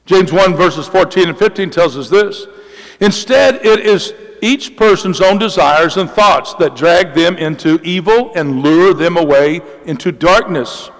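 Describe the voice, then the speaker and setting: A male pastor preaches a sermon with emphasis, repeating key phrases and slowing for weight. His voice sits high and moves in lively swings. The long reverb of a church hall trails behind him.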